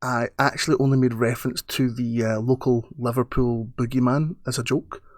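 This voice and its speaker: A man's voice: mid-range voice, fairly even intonation, dry recording. A Scottish man talks back to a critic in a sarcastic, stop-start way, tripping over his words as he goes. His voice sits mid-range and sounds dry and close. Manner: sarcastic, halting, with stammered restarts. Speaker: streamer. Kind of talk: defensive reply to a critic.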